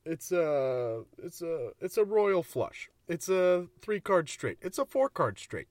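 Casting: lively, joking man podcast host with a slightly high, dry voice. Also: takes it slowly, no room sound. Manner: animated, jokey. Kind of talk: casual movie review chat.

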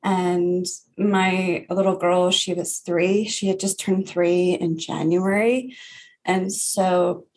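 A woman in her thirties, a grief coach, earnestly telling her personal story in an interview, with soft laughs. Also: fairly low pitch, fairly even intonation, slow.

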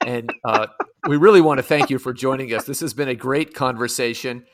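Fast-talking male podcast host. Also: medium pitch, background noise. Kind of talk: casual interview.

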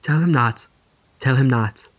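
A man's voice: mid-range voice, unhurried, natural voice. Frail, agitated old father, male reader - urgent, archaic, fatherly. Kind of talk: audiobook reading.

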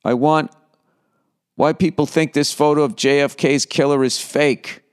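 A man's voice: fairly high pitch, fairly even intonation, a little slow, clean tone. A man hosting a comedy podcast, rambling through profane asides with mock outrage in a casual rant.

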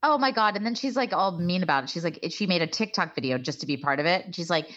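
Co-host type: chatty, jokey woman with a slightly low voice, muffled lo-fi recording. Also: expressive, quick pace, hardly any pauses, a bit bright. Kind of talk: casual chat. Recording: dull lo-fi sound.

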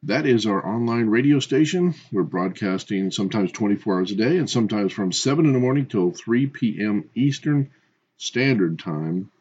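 A man with a low, husky voice reads a brisk station announcement, reeling off web addresses one after another. The broadcast audio sounds dull and lo-fi. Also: expressive, darkish tone. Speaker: radio announcer.

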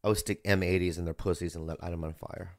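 Male podcast host, lowish voice, crude and excitable, dry studio sound. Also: fast talker, dry recording. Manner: crude, excitable, rambling with lots of swearing. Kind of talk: casual chat.

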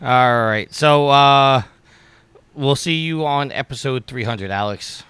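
A man's voice: medium pitch, slow pace, a bit bright, clean tone, no echo. A man hosting a podcast, upbeat and steering the chat along. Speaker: podcast host. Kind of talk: casual chat.

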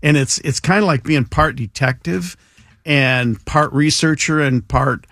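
A man's voice: on the high side, a little slow, a bit bright, dry recording, clean studio sound. A man being interviewed as an author on a radio show, speaking in a friendly and articulate way. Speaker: author guest. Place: radio studio.

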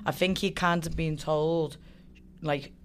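A woman's voice: low-pitched, takes it slowly, a little hiss or hum. A woman guest tells a story casually and with energy, swearing and acting out what others said. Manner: animated, swears freely, acts out quotes. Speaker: guest fighter.

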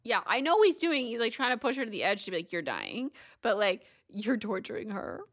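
A woman co-hosting a book podcast, retelling chapters in a casual, animated way and laughing often. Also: a little high, fast talker, dry recording, studio quality.

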